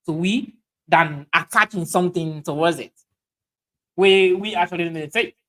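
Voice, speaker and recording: A man's voice: high-pitched, fairly bright tone, low-quality recording. Sierra Leonean man hosting a livestream. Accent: Sierra Leonean Krio. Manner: halting, many fillers and restarts, mixes Krio and English. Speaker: livestream host. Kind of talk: casual livestream talk, reading viewer comments.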